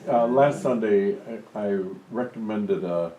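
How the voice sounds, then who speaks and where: A man's voice: fairly low pitch, unhurried, recorded from a distance, lo-fi sound, a crowd in the background. A man in a church group offering remarks, hesitant with fillers. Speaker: group member reading a letter. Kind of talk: casual remarks and reading aloud. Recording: echoey room, faint noise.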